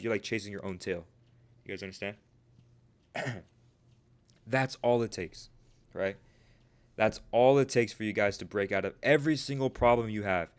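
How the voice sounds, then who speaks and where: A man coaching traders on a live stream, talking casually and emphatically to his viewers, often calling them "bro" and asking "right?". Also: lowish voice. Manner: addresses viewers as "you guys" and "bro", repeats "right?"; emphatic, preachy motivational delivery. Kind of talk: live-stream talk answering chat.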